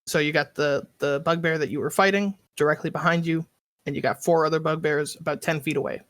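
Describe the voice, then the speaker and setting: Brief: easygoing game master, mid pitch, unhurried, stops and restarts often. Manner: relaxed, halting narration with frequent fillers. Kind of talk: running a tabletop game.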